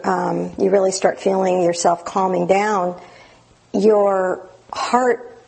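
Woman, meditation teacher, dharma talk, gravelly, raspy, gentle, unhurried. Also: mid-range voice, low-quality recording. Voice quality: gravelly, very husky. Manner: gentle, unhurried, with many fillers and restarts.

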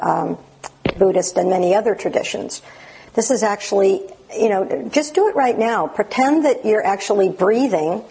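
A woman teaching meditation in a dharma talk, gentle and unhurried with many fillers and restarts. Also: mid-range voice, low-quality recording. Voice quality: gravelly, very husky.

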